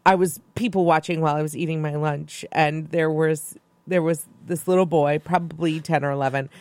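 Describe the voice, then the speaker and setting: A woman's voice: low voice, fairly even intonation, a little fast, darkish tone, no echo. A woman co-hosting a casual chat, rambling with many fillers.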